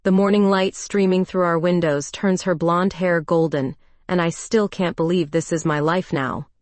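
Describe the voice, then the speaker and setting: A woman narrating a first-person romance story in a calm, even storytelling voice. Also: lowish voice, normal speed, no room sound.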